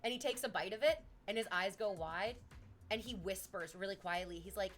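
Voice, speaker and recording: A young Canadian woman chatting casually on a livestream, telling stories in an animated way and swearing often. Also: mid-range voice, fairly quick. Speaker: streamer chatting with chat.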